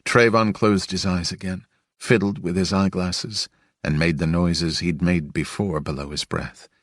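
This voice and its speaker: A man reading an audiobook aloud in steady, unhurried storytelling. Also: sits low, no room sound, studio quality. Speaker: audiobook narrator. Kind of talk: audiobook narration.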